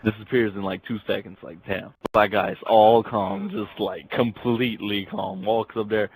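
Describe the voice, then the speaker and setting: A man's voice: lowish voice, steady tone, normal speed, slightly rough, no room sound, low-quality recording. A young man casually telling crude jokes, rambling and laughing at his own punchlines. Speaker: joke teller.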